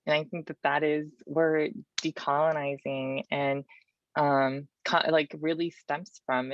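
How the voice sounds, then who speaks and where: A woman with a raspy voice, a poet and activist answering interview questions and reading her poetry over a video call, feeling for her words with frequent ums and restarts. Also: low-pitched, no echo. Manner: thoughtful, searching for words, many ums and restarts. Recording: dull, dry video-call audio.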